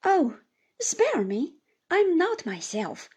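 A woman voicing a gentle, devoted young woman who speaks softly and goes high when upset. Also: sing-song, a little slow, vocal fry, breathy edge, heavily acted. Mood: distressed.

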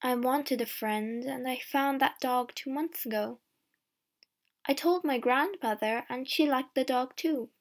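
In a storybook reading, a woman voices a ragged, hot-tempered young woman who speaks defiantly and never backs down. The character's fairly high voice climbs when she's pushed, and her delivery is unhurried.

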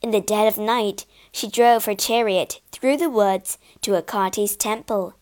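A woman narrating a storybook for English learners, reading slowly, clearly and expressively. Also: mid-range voice, a little mellow.

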